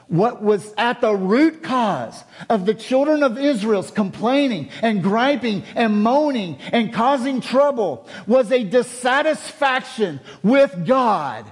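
High-voiced male preacher. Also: animated, slow pace, hardly any pauses. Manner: expository, with rhetorical questions and repetition. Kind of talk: sermon.

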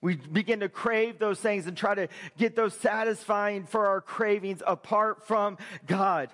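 Male pastor, very high voice, sermon delivery with loud shouted peaks. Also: a little slow. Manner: preaching with rising shouted emphasis.

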